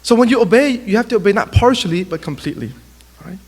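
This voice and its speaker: A man giving a sermon to young people, telling animated stories and acting out little exchanges. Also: sits high, fast talker. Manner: animated storytelling, acts out quotes. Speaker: youth speaker. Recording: long hall reverb.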